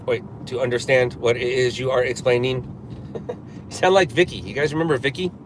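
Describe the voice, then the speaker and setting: Guy in his 40s rambling on a live stream in his car, lots of ums, traffic noise loud behind him. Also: mid-range voice, fairly quick. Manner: rambling, with many fillers and restarts. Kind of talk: casual chat.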